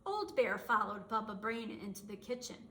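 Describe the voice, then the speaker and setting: A woman librarian reading a children's picture book aloud with expressive storytelling. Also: mid-range voice, brisk, a little hiss or hum. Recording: roomy echo.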